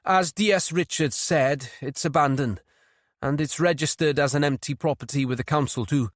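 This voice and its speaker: A man's voice: on the high side, moderate pace, no room sound, studio quality, pitched above the performer's own voice, lightly acted. A man reading an audiobook, voicing a cheeky, eager young male detective constable.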